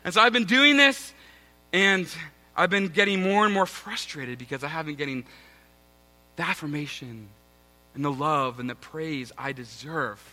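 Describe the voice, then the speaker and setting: A man's voice: a little high, animated, normal speed, pushed and bright. A man in his thirties, a pastor, giving a sermon with a self-mocking personal story and chatty asides to the congregation. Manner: self-mocking, conversational, addresses congregation as guys.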